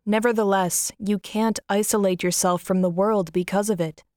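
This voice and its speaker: A stern but loving father speaks firmly, his voice just lowered, as a woman reader plays him. The sound is smooth and dry. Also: steady tone, moderate pace, darkish tone, dry recording, lightly acted. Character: stern but caring father, middle-aged man.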